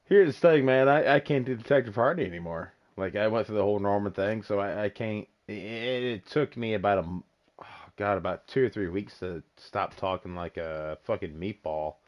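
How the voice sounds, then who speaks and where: A man with a low voice hosts a loose podcast chat over a dull, lo-fi line. He is excitable and teasing, and he swears freely. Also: normal speed. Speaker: podcast host. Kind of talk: casual chat.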